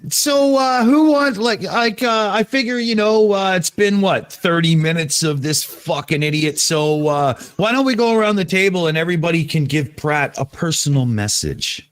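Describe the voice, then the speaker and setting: A man's voice: high-pitched, normal speed, hardly any pauses, clear, resonant tone. A man hosting a live stream, scornful and profane. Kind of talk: heated live stream chat.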